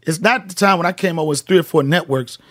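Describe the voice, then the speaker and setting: A man's voice: a little high, fast talker, no room sound, clean studio sound. A middle-aged male comedian, telling emphatic, profane stories as a podcast guest. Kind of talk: casual podcast chat.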